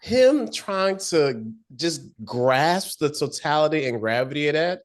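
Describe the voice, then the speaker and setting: A man's voice: on the high side, lively intonation, measured pace. A man co-hosting a podcast, chatting in a laid-back, slangy way and repeating words while he thinks. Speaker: podcast co-host. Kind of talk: casual chat.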